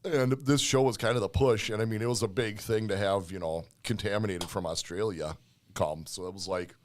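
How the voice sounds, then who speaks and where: Laid-back low-voiced man. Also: fairly even intonation, fairly quick, a little hiss or hum. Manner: laid-back, swearing, laughs along. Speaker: podcast co-host. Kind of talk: casual chat.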